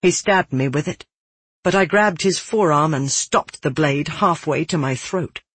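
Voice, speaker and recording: An audiobook narrator reading a first-person fantasy story in a steady, earnest way. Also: medium pitch, measured pace, husky, dry recording.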